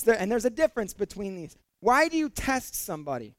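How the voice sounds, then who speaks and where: A man's voice: high-pitched, sing-song, normal speed, few pauses, a bit bright, no echo. Man preaching a conversational sermon, dry. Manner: conversational preaching with fillers and repetitions, building to emphatic peaks. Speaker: pastor.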